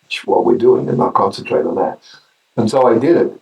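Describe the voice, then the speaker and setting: An older man with an Australian accent, a guest actor telling wry anecdotes in a casual interview, often halting and restarting. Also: on the low side, animated, gravelly, reverberant, far from the mic, rough recording.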